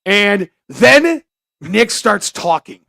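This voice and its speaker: A man's voice: sits high, sing-song, very slow, vocal fry, pushed and bright, dry recording, studio quality. A man telling crude, rambling stories on a podcast, often laughing at himself. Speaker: podcast co-host. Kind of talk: casual chat.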